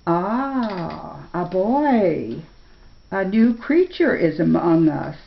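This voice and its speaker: A woman's voice: fairly low pitch, big pitch swings, extremely slow, vocal fry, full character voice. An older woman voicing a lazy, vain, toothy male forest beast who talks in a languid, lordly way. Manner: languid, self-satisfied, lordly. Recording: dull lo-fi recording.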